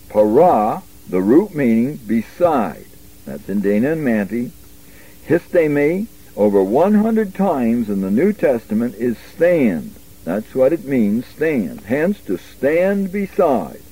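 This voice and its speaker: Lively emphatic male Bible teacher. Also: medium pitch, husky, rough recording. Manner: emphatic, stresses single words slowly. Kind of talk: verse-by-verse Bible lesson.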